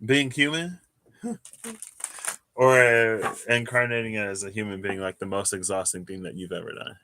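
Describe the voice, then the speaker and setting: A man's voice: on the low side, fairly even intonation, normal speed, pushed and bright, a little hiss or hum. A man doing a casual live tarot reading, chatty and given to laughing and wandering off into asides. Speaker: tarot reader.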